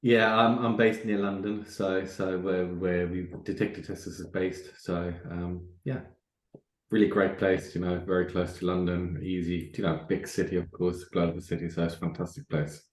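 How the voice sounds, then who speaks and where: A man's voice: low voice, little pitch movement, normal speed, roomy sound. A man with a German background, a guest talking in a friendly, chatty way with many fillers on a remote podcast call. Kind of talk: casual chat.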